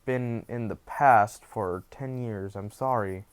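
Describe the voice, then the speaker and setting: A man voicing an apologetic young man returning home, in a soft, hesitant voice. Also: on the low side, slow pace, clean tone, no room sound.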